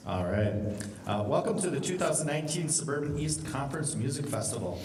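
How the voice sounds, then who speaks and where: A man reading formal announcements as festival announcer, measured and plain. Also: on the high side, big pitch swings, a little mellow, slight background noise. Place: large school auditorium. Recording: echoey hall, distant mic.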